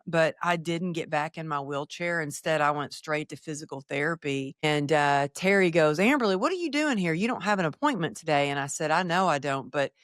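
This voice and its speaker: A middle-aged woman, a podcast guest, telling a personal story and acting out the dialogue with lively shifts. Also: low voice, no room sound, clean studio sound. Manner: animated, acts out quoted dialogue.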